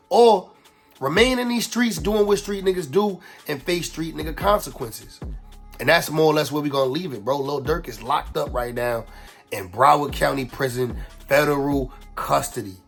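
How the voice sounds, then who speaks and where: Man with a sick, husky voice, somewhat high-pitched, blunt street-slang commentator. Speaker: rap news commentator. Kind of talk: casual commentary. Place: home setup in the Bronx.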